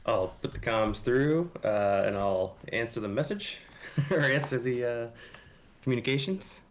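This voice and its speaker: A man's voice: mid-range voice, animated, unhurried, a little hiss or hum. A man playing a tabletop game, easily describing what his character does. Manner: narrates his own actions, easygoing. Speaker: player. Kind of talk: casual tabletop role-play.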